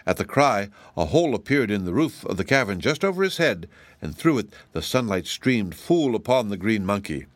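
A man narrating a storybook in a steady, measured way. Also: lowish voice, dry recording. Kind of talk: storybook reading.

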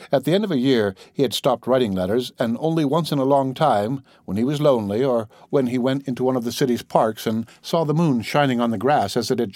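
A man's voice: mid-range voice, darkish tone, dry recording, clean studio sound. Man reading a classic novel aloud. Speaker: audiobook narrator. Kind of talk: scripted narration.

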